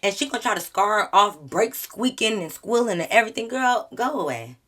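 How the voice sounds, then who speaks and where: A woman YouTuber telling a storytime vlog with sass and lots of slang. Her retelling is animated and her voice sits at a medium pitch. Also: brisk.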